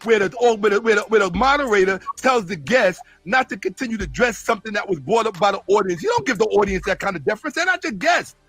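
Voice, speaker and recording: A man's voice: sits high, lively intonation, fast talker, few pauses, fairly bright tone, dry recording, faint music behind. A man debating on a live show, confrontational and indignant, raising his voice at the moderator. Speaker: guest debater.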